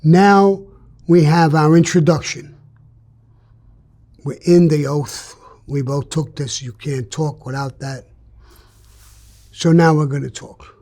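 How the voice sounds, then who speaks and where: A man's voice: fairly high pitch, steady tone, takes it slowly, pauses often, a little mellow. An older man, telling a story in an interview in a blunt, streetwise way and acting out the dialogue. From New York.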